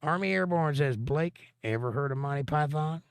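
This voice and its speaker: Speaking at a normal pace, this man has a smooth, fairly high voice, captured in a dry recording. He hosts a livestream, reading out what viewers comment and answering with sarcastic, deadpan humor.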